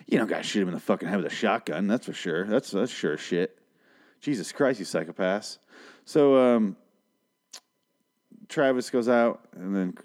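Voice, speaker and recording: A man's voice: fairly low pitch, a little mellow. A man recapping a TV episode in a casual monologue, rambling and sarcastic, with plenty of swearing.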